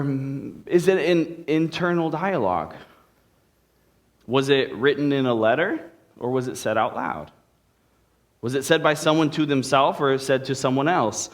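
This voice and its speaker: Man preaching a playful sermon. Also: medium pitch. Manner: conversational, playful asides to the congregation. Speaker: pastor. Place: church sanctuary.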